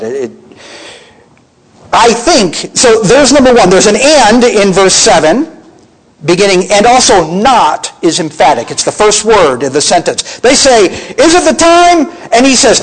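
A man's voice: high-pitched, low-quality recording. A man teaching from the Bible as a preacher, emphatic and full of rhetorical questions to his listeners.

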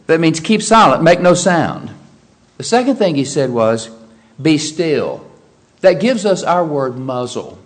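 A middle-aged man preaching a sermon, animated and vivid, jumping up in pitch when he acts out frightened voices. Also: normal speed. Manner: animated preaching, acts out quoted panic with sharp rises in pitch. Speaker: pastor.

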